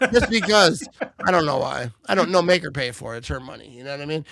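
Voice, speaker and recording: A man's voice: on the high side, lively intonation, quick pace, vocal fry. A man hosting a live watch party, joking and calling plays, a bit tipsy. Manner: loud, joking play-by-play banter. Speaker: livestream host.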